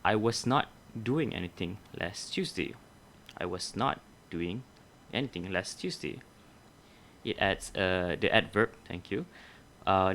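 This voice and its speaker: A young man giving a practice grammar lesson, calm and methodical, walking through examples step by step and fixing his own slips. His voice sits low, with faint hiss behind it. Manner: methodical, explains step by step, corrects himself. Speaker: teacher. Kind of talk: micro-teaching grammar lesson.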